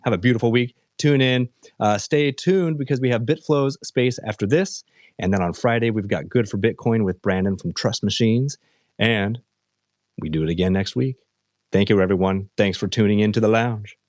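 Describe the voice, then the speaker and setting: A man's voice: on the low side, normal speed, darkish tone, dry recording, studio quality. A man hosting a live audio chat space, talking casually with fillers and restarts. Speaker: host.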